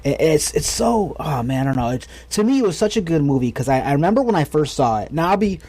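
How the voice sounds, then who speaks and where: Rambling, enthusiastic American man, mid pitch. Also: big pitch swings, fast talker, warm tone. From United States. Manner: rambling, enthusiastic, many restarts. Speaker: podcast co-host. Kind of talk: casual podcast chat.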